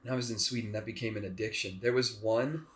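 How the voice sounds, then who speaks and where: A young man co-hosting a podcast, telling stories in a relaxed, wry way. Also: fairly low pitch, fast. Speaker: podcast co-host. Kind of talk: casual chat. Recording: echoey room.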